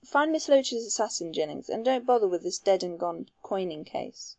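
A woman reading the part of a young gentleman under suspicion, who talks back in an impatient, defensive way. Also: mid-range voice, animated, moderate pace, no echo, lightly acted.

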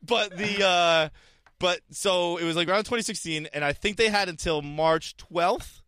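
A man's voice: sits high, moderate pace, no room sound, clean studio sound. A man co-hosting a podcast in casual chat, laughing often and ranting in crude jokes. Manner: laughs a lot, animated, crude jokey rants. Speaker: podcast co-host.

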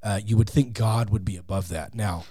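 A man speaking as a guest in a casual interview, animated and acting out quotes in different voices, on a close studio mic. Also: lowish voice, moderate pace, husky, no echo. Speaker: podcast guest, atheist comedian.

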